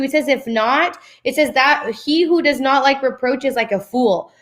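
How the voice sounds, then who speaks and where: Twenties woman, a touch high-pitched, animated and playful, preacherly when reading verses. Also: normal speed. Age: 20s. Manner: lively, slips into playful voices for quotes. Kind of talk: animated faith-based chat with scripture reading.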